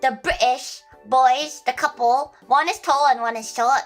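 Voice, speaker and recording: A woman's voice: sits high, measured pace, soft background music. A woman streamer telling a casual story, rambling with many restarts and laughing at her own jokes.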